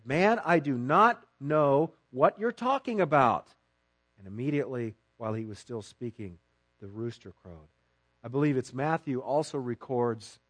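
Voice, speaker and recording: A male pastor preaching a sermon in church, acting out the voices of the story with dramatic swings from loud to hushed. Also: mid-range voice. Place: church sanctuary.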